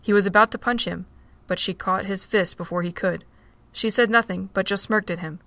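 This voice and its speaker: A woman narrating a fan-made audio drama in a steady storytelling manner. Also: medium pitch, moderate pace, gravelly, no echo.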